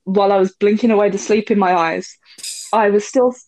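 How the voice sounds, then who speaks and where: A woman's voice: mid-range voice, fairly even intonation, brisk, a little mellow, dry recording. Woman cohost chatting away on a podcast, laughs a lot, dry room. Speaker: podcast co-host. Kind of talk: casual chat.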